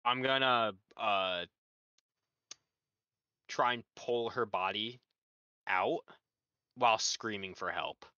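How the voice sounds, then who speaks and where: A man playing in a tabletop game, chatting casually with quick asides. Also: lowish voice, pushed and bright, clear, resonant tone, no echo. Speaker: player. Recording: dull lo-fi mic.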